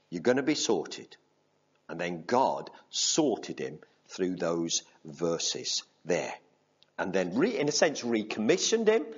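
A man preaching and reading scripture, his husky voice rising and falling a lot as he talks. He keeps it conversational and repeats key lines for emphasis. The recording sounds dull and lo-fi. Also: deep voice.

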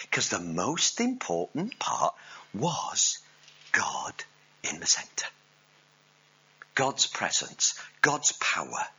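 A male preacher, giving a sermon with animated storytelling and jokes with the congregation. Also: mid-range voice, slightly rough, poor audio.

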